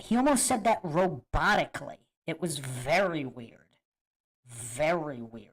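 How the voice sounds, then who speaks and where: On a livestream commentary show, a man with a somewhat high, expressive voice talks at a measured pace. He reacts to clips and chats casually with viewers, musing aloud and stressing points by repeating them.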